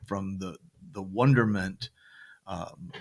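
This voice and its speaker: Low gravelly husky man, chatty pastor. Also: slow pace. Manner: rambling, many fillers and restarts. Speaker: pastor co-hosting a church podcast. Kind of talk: casual chat about sermon themes.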